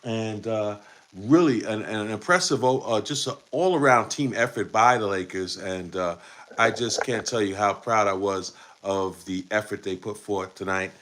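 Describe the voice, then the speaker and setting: A man's voice: fairly low pitch, moderate pace, fairly bright tone, slight background noise. A man hosting a live post-game basketball show, talking in a rambling way with many fillers and restarts. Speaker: podcast host.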